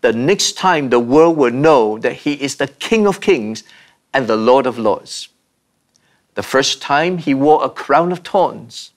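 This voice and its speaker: A man preaching a sermon, slow and measured, with dramatic pauses and repeated refrains. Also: mid-range voice, lively intonation. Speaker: pastor.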